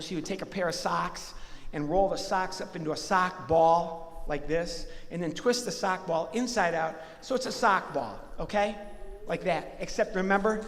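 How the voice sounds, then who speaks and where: A man doing live stand-up comedy and ventriloquism in a church, chatty and animated with the audience. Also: sits high. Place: church hall. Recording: live hall reverb, faint ambience.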